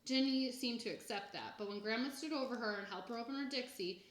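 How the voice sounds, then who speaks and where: A woman reads a children's chapter book aloud in an even, plain storytelling manner. Her voice sits a little high. The room adds a noticeable echo. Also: fairly quick. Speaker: reader. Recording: echoey room.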